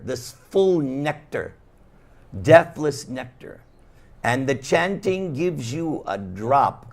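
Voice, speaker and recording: A man with a New York accent giving a devotional lecture, slow and emphatic, leaning hard on key words with a playful touch for his live audience. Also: mid-range voice. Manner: slow, emphatic, sing-song rise and fall on key words. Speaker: monk lecturer.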